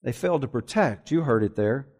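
A pastor preaching a sermon with an emphatic, repetitive cadence, reading scripture aloud and expounding on it. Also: male voice, medium pitch, animated, a little fast, a little mellow. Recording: long hall reverb.

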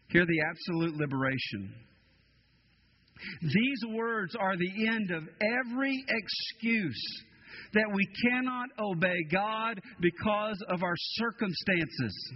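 A man's voice: sits high, expressive, measured pace, slightly rough. A man preaching an expository sermon as pastor, with emphatic repeated phrases that rise and fall. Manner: preaching with rising emphatic cadence and repetition. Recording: dull lo-fi sermon recording.

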